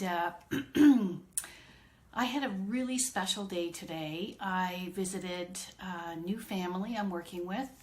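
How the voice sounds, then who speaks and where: A middle-aged woman, an autism consultant, telling a chatty story on a live stream and greeting viewers by name. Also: fairly low pitch.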